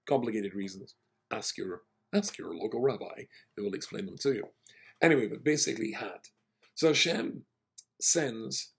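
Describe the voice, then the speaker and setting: Gravelly Scottish rabbi telling a story. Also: male voice, fairly low pitch. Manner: animated anecdotal, acts out the people in his story. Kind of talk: storytelling sermon.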